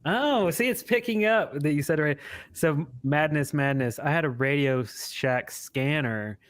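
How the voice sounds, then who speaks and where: A man's voice: on the high side, a little slow, clear, resonant tone, no room sound. A man co-hosting a live stream, chatting casually, laughing often and reading viewer comments aloud. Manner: animated, laughs often, reads chat aloud. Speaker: co-host of a live show.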